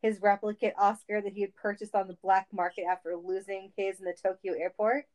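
A woman's voice: mid-range voice, flat delivery, a little fast, darkish tone, rough recording. Playful woman reading a comic story. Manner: playful, laughing.

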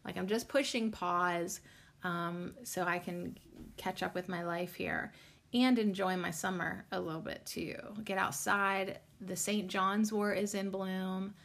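A woman's voice: medium pitch, steady tone, unhurried, creaky, fairly bright tone. Chatty lady podcaster rambling along, lots of ums, swears here and there. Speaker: podcast host. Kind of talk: casual solo podcast chat.

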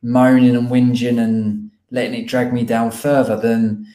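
A man's voice: mid-range voice, little pitch movement, measured pace, dark tone. A man chatting casually and reflectively, a little self-deprecating, as a podcast co-host. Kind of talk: casual chat. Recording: roomy echo.

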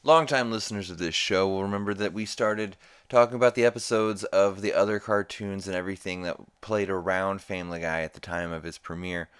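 A man's voice: sits low, steady tone, a little fast, hardly any pauses, a bit bright, smooth. A man hosting a podcast, casually recapping a cartoon episode in a rambling way full of fillers. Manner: rambling, filler-heavy retelling. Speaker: podcast host.

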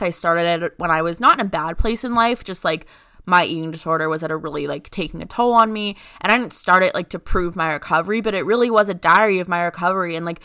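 This young woman co-hosts a podcast, chatting casually as she tells a story and filling it with "like" at every turn. Her fairly low voice is a bit bright and smooth, captured at studio quality without any echo.

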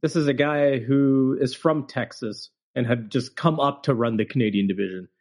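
A man with medium pitch, speaking at normal speed, co-hosts a podcast and tells stories in relaxed conversation. Animated throughout, he performs the quotes and leans on many fillers.

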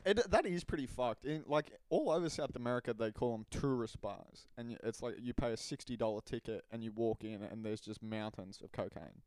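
A man's voice: mid-range voice, brisk, hardly any pauses, a little mellow, no echo. A young Australian man co-hosting a podcast, chatting casually and swearing as he explains things. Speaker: podcast co-host. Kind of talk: casual chat.

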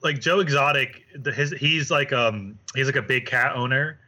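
A man with a bright, forceful voice talks in loose, easy podcast chat. He laughs often and swears casually while telling stories. His pitch sits in an ordinary middle range. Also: moderate pace. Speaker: podcast co-host.

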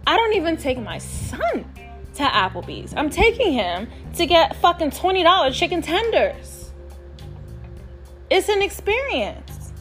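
In an extremely high, bright voice with big pitch swings, a New York City woman unhurriedly tells a personal story on her podcast over soft music. Her casual monologue is candid, profane, and emphatic, spoken straight to "y'all."

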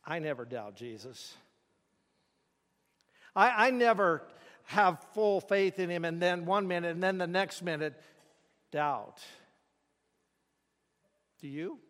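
A man's voice: high voice, animated, slow, pauses often, fairly bright tone, in a large hall. A man preaching a sermon, telling the story dramatically and asking the listeners rhetorical questions.

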